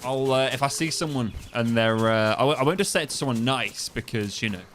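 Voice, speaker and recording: A man's voice: medium pitch, fairly quick, fairly bright tone, a little hiss or hum. Laughing man streaming a game. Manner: laughing, repeating foreign phrases to get them right; swears freely, thinks aloud. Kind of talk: casual livestream commentary.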